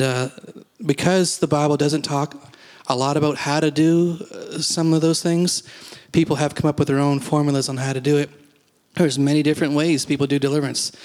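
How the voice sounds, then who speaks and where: A man's voice: a little high, clean tone. A middle-aged man giving a conversational sermon as a pastor, teaching in a folksy way with many asides.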